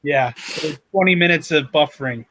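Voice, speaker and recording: A man co-hosting a casual livestream chat, relaxed and chatty. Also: fairly high pitch, a little fast, dry recording. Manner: relaxed, chatty, laughs easily. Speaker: co-host of a livestream show. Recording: dull, dry lo-fi stream audio.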